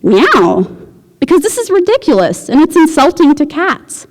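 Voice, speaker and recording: A woman's voice: high voice, sing-song, moderate pace, pitched above the performer's own voice. Woman voicing a grumbly skeptical husband, dry and sarcastic, echoey room.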